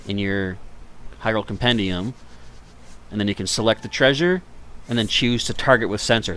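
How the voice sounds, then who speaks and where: A tired, yawning man gives casual, rambling commentary while live streaming a video game and chatting with viewers. His mid-range voice has a fairly bright tone, with a little hiss or hum on the recording.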